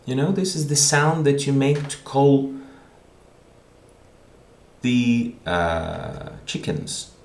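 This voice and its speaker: Man, language teacher, very slow, gravelly, roomy echo. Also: mid-range voice, very animated, a little hiss or hum. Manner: patient, repeats words, thinks aloud. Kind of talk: online video lesson.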